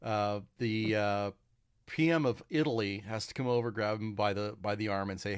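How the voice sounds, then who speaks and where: A man co-hosting a podcast in casual political chat, halting and restarting often as he swears his way through his points. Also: fairly low pitch, smooth, no room sound, clean studio sound. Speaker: podcast co-host.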